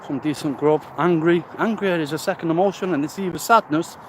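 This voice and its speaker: A man's voice: on the high side, fairly quick. A man, walking outdoors and talking into a handheld phone, out of breath, rambling and blunt with casual swearing. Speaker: recovery vlogger. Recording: outdoor noise, wind and birds.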